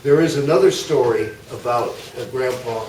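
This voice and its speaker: An older man giving an informal, anecdotal history talk to a club audience, pausing often with fillers and asides. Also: mid-range voice, darkish tone. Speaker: guest speaker. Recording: echoey hall, mic far off, faint noise.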